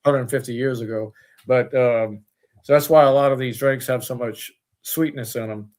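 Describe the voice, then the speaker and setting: Man, distillery owner, casual guest chat, rambling, lots of um and uh, mid pitch. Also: steady tone, normal speed, a little mellow. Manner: rambling, many fillers and restarts.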